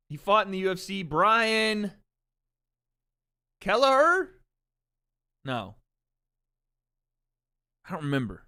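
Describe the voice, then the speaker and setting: A man's voice: high-pitched, big pitch swings, takes it slowly, long pauses, pushed and bright, clean tone, no echo, studio quality. A man hosting a livestream watch party in casual chat, brash and opinionated, swearing freely.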